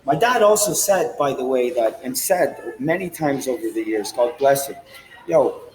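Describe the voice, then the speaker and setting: A man talks at a middle pitch in a loose, rambling vlog monologue, swearing often and using street slang. He is recorded on a handheld phone inside a big indoor train station, with a faint hum behind him. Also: animated, moderate pace, rough recording. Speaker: vlogger.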